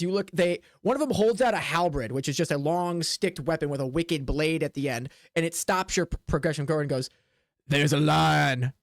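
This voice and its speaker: A man's voice: on the high side, no echo, studio quality. A young man running a tabletop game as game master, narrating in a loose, chatty way with frequent restarts.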